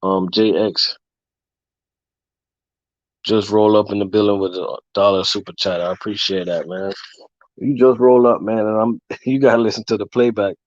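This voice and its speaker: A man hosting a casual livestream, talking loosely with fillers and giving long shout-outs. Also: lowish voice, steady tone, normal speed, long pauses, no echo. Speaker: livestream host. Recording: dull, lo-fi dry sound.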